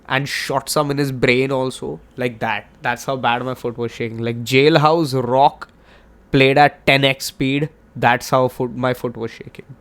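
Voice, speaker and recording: A man's voice: mid-range voice, steady tone, measured pace, a bit bright. A man in his twenties with an Indian accent, hosting his podcast in a hyped, rambling, joking way. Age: 20s. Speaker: podcast host. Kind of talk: casual solo podcast chat.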